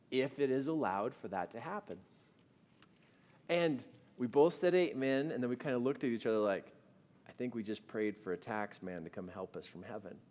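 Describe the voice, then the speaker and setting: A man giving a spiritual storytelling talk, animated, acting out dialogue and slowing down for emphasis. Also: mid-range voice. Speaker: storyteller and speaker.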